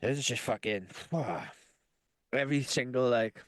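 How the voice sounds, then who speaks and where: A young man, a podcast co-host, talking in a halting, sweary way with many restarts in casual chat. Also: mid-range voice, no room sound, studio quality.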